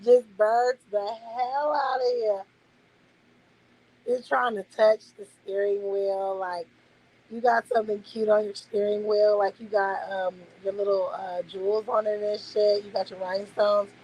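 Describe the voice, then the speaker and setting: A woman's voice: medium pitch, little pitch movement, normal speed, darkish tone, highs cut off. A woman hosting a casual livestream, chatting loosely with her viewers and swearing freely. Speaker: livestream host. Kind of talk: casual late-night livestream chat.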